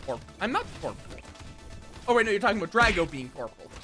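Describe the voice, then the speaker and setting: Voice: medium pitch, big pitch swings, fast, bright, forceful tone, soft background music. A streamer in casual live-stream chat while gaming, rambling and cutting themselves off mid-thought as they talk to viewers. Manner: rambling, self-interrupting, chatty with viewers.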